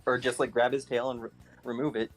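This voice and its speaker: A laid-back podcast co-host chats easily about anime at a middle pitch. Faint music sits behind his voice. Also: level tone, quick pace. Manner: laid-back, lots of "like" fillers.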